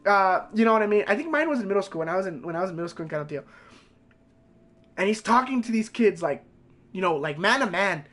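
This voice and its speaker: A man's voice: high-pitched, animated, quick pace, fairly bright tone. A young man, a game streamer, rambling through a profane story in casual chat.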